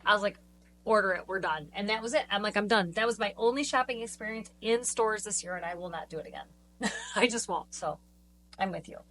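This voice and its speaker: A woman's voice: mid-range voice, a little fast, noisy background. A middle-aged woman co-hosting a podcast in casual chat, telling stories with emphatic, chatty delivery. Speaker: podcast co-host.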